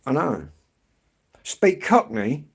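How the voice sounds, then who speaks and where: English guy, live-stream walk-and-talk, rambling and chatty, mid-pitched, keeps clearing his throat. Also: sing-song, takes it slowly. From England. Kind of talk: casual live-stream chat answering viewers. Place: outdoors on an evening street walk.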